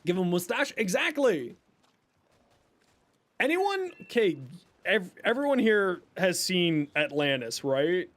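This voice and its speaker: A man's voice: high-pitched, big pitch swings, slow, long pauses, a bit bright. A young man streaming a video game, chatting casually with his viewers, reacting to chat and teasing them. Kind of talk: casual live-stream chat while gaming.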